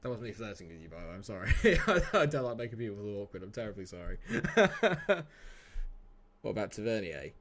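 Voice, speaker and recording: A man's voice: on the low side, very animated, fairly quick, fairly bright tone. A man, chatting casually and joking with viewers while streaming a game. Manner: chatty, jokey, answers chat by name. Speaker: live-streamer. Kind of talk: casual live-stream chat.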